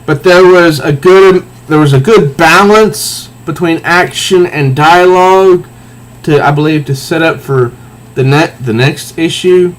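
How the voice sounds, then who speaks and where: A man casually reviewing a comic book and reading its panels aloud, halting often and restarting his sentences. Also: fairly high pitch. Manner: halting, with frequent restarts and fillers.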